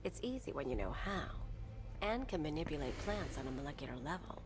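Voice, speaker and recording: A woman's voice: low-pitched, big pitch swings, fairly quick. An actress playing a confident female villainess with a plant theme, speaking coolly and self-assured in a video game.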